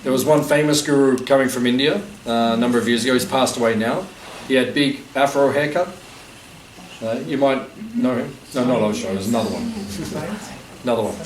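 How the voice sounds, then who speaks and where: A man's voice: medium pitch, brisk, recorded from a distance. A man giving an informal spiritual talk to a live audience, conversational and joking, with many fillers. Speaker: spiritual teacher. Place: gathering room at a festival. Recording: echoey room, voice from afar, faint noise.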